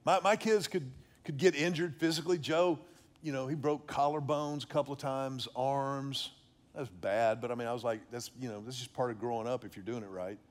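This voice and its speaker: A man's voice: mid-range voice, a little fast. A middle-aged man giving an earnest faith-based teaching on fatherhood, often repeating and restarting words. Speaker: preacher on fatherhood.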